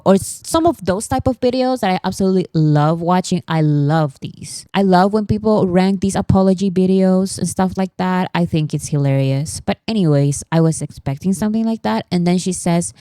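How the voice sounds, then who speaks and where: A woman's voice: fairly low pitch, lively intonation, a little fast, dark tone, no room sound. A woman hosting a casual pop culture vlog, chatty and rambling, with frequent asides and self-corrections.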